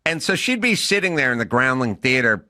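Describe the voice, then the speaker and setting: A middle-aged man hosting a podcast, telling stories in casual chat and acting out quotes loudly. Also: mid-range voice, a little fast, no echo, clean studio sound. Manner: animated storyteller, acts out quotes loudly. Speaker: podcast host.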